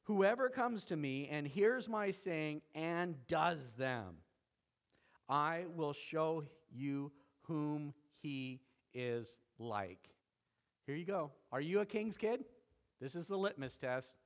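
A man's voice: a little high, lively intonation, slow. A middle-aged male pastor preaching a sermon, emphatic, with dramatic quoted lines.

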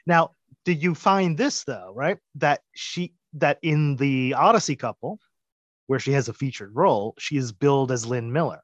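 A man's voice: medium pitch, moderate pace, muffled recording. Male podcast co-host, easygoing casual conversation. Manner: relaxed, chimes in with short agreements. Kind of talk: casual chat.

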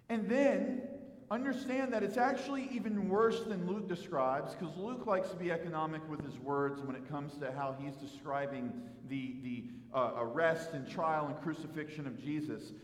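A man preaching an expository sermon as pastor, animated, acting out the quoted dialogue. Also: high voice. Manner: animated, acts out quoted dialogue, some repeated words. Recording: echoey hall with long reverb.

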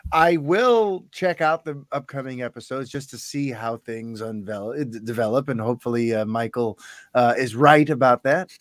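A man co-hosting a podcast chats casually and gives candid, offhand opinions. His voice is medium-pitched at a moderate pace, in a dry recording with clean studio sound.

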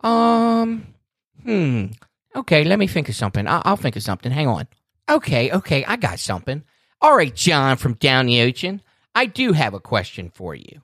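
A fired-up man rants and swears through a casual podcast chat. His voice keeps a middle pitch. The recording is close and dry. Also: very animated, normal speed, fairly bright tone, no echo. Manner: fired up, ranting, swears freely. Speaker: podcast regular.

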